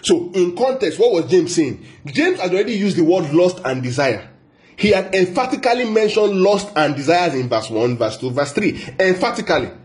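A man preaching a Bible teaching sermon, emphatic, repeating key phrases, asking rhetorical questions and slowing down to stress scripture quotes. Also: high voice, very animated.

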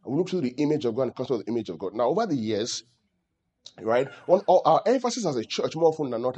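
A man's voice: mid-range voice, darkish tone. A man preaching a teaching sermon, often asking his congregation questions. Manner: calls out questions to the audience. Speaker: pastor.

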